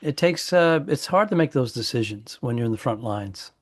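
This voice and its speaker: A man's voice: medium pitch, lively intonation, normal speed, dry recording, clean studio sound. A male comedian co-hosting a podcast, wry and teasing, throwing in puns during casual chat.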